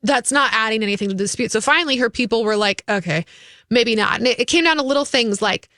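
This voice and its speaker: Bright chatty woman co-host. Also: fairly high pitch, quick pace, dry recording, clean studio sound. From Minnesota. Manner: chatty, acts out quotes in voices. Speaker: radio show co-host. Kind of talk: casual entertainment gossip chat.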